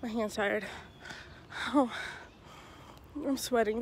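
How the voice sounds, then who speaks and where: A young woman vlogs while walking around her neighborhood, filming herself on a phone held at arm's length. She's out of breath and rambles in a casual, self-deprecating way, her mid-range voice lively in intonation at a moderate pace. There's slight background noise outdoors.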